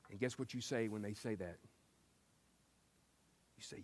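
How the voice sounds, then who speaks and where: A man preaching a sermon, telling stories and acting out quotes with lively shifts. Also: on the low side, a little slow, long pauses. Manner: lively storytelling with acted-out quotes. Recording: long hall reverb.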